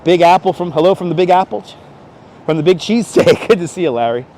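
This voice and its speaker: A man's voice: high-pitched, expressive, fast, a little mellow, a little hiss or hum. A man chatting casually with viewers while live-streaming as he walks city streets, greeting them by name and joking. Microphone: wireless clip-on mic.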